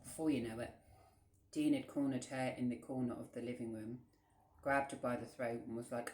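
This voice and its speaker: A man's voice: mid-range voice, steady tone, normal speed, a little mellow, slight background noise. A man telling a rambling storytime vlog in a blunt, profane way. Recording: roomy echo.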